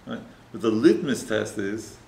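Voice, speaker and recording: A rabbi tells a story as part of a sermon, talking conversationally and tending to finish points with tag questions. The voice is low, unhurried, creaky and somewhat mellow, in a roomy recording with a little noise.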